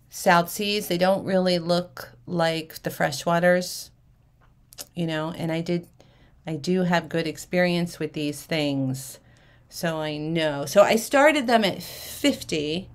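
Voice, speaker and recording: A woman with a lowish voice hosts a live jewelry shopping auction, chatting away and vividly acting out the people in her stories. She drops quietly to herself while handling items.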